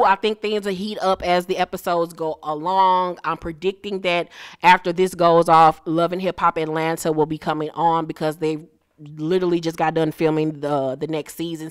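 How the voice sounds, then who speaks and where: A woman's voice: low-pitched, smooth, dry recording, clean studio sound. A woman in her forties recapping a reality show in a casual, blunt and profane way, with plenty of sass.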